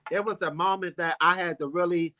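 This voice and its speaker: A man's voice: sits high, fairly even intonation, brisk, sharp tone. A man hosting a casual talk show, telling a personal story in a heartfelt, rambling, emphatic way. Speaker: show host.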